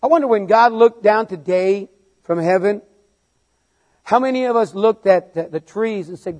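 A middle-aged man preaching a sermon, halting and repeating words, then building into emphatic refrains. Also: sits high, darkish tone.

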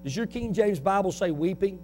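Fiery high-voiced preacher man. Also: lively intonation, a little fast, slight background noise. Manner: fiery, swings between shouting and quiet. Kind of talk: sermon.

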